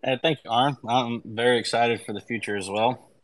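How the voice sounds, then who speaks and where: A man's voice: mid-range voice, steady tone, fairly quick, poor audio. A man hosting an audio chat, easygoing and bantering with a guest. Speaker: host. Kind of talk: casual chat.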